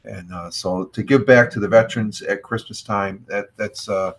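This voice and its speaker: A man's voice: on the low side, fairly even intonation, moderate pace, slight background noise. A middle-aged American man hosting a casual morning livestream, rambling with many fillers and restarts. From United States. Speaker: livestream host. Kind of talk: casual morning chat reacting to news.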